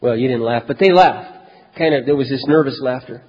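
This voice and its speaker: A man preaching, telling a personal story in a lively, conversational way that swings from loud to very quiet. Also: mid-range voice, a little fast, breathy edge. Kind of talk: sermon storytelling. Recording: dull echoey hall recording.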